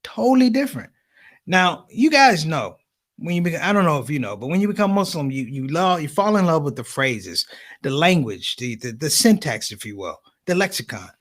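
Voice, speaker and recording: Stand-up guy telling stories, high voice that jumps all over. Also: moderate pace. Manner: animated storyteller, big voice swings. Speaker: comedian. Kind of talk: stand-up comedy.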